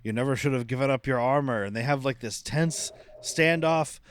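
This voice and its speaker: A man's voice: mid-range voice, moderate pace, clean tone. A man co-hosting a casual podcast, recapping scenes loosely and laughing often. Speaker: podcast co-host.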